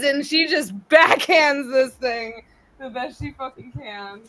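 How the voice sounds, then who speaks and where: A woman's voice: high-pitched, unhurried, fairly bright tone. A woman playing a tabletop game, animatedly describing her character's attacks with many fillers. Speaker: player.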